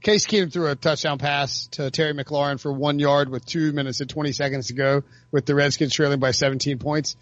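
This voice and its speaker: A man's voice: fairly high pitch, fairly even intonation, brisk, hardly any pauses, no room sound. A man hosting a casual sports chat, joking with co-hosts and rattling off game stats. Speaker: podcast host. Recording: dry, dull lo-fi sound.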